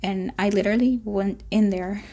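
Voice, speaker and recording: A woman's voice: medium pitch, steady tone, normal speed, mellow. A woman vlogger casually telling a long personal story, rambling and acting out bits of dialogue as she goes.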